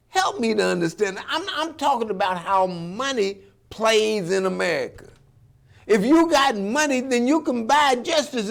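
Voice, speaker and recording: A man hosting a commentary show, talking in an animated, preachy and emphatic way. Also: extremely high pitch, creaky.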